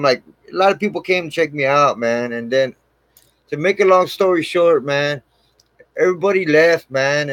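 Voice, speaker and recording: Telling his own story to camera on his channel, a man rambles, swears heavily and drops "man" into nearly every line. His voice is a little high and a bit bright, on a dry, rough recording.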